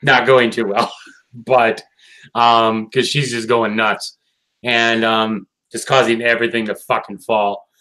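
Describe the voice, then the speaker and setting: A man's voice: mid-range voice, little pitch movement, takes it slowly, bright, forceful tone, rough recording. A man co-hosting a casual cartoon review chat. He sounds tired, swears often, and rambles with many fillers and restarts. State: tired, yawning late at night. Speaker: podcast co-host reviewing a cartoon episode.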